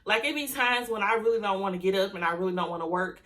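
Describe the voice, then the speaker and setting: A woman running an online business, talking to camera casually, heartfelt and grateful, emotional and close to tears, speaking warmly to her viewers. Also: medium pitch, quick pace. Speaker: online business owner and YouTuber.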